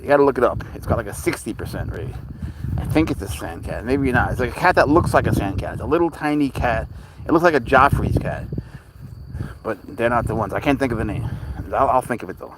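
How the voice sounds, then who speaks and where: A man's voice: mid-range voice, dry recording. A man chatting casually on a live stream while walking his leashed cat outdoors, rambling and talking to both his viewers and the cat. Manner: relaxed, rambling, talks to his cat and chat. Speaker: cat channel livestreamer.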